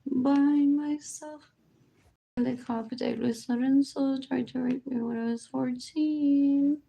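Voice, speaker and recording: A woman's voice: high voice, fairly even intonation, slow, creaky, warm tone. A woman in her forties rambling on a livestream, repeating herself, drifting into near-whispers and switching between English and Spanish. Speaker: livestream host. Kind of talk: rambling live-stream monologue.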